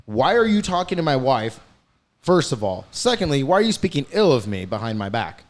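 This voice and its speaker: A man's voice: mid-range voice, very animated, brisk. A man telling a story in casual podcast chat, heated and profane, speeding up in bursts. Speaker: podcast host.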